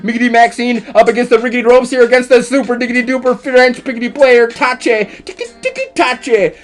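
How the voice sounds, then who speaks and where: High-voiced man doing goofy chess commentary. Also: little pitch movement, brisk, soft background music. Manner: rhyming nonsense words and silly squeaky exclamations. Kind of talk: goofy comedic game commentary.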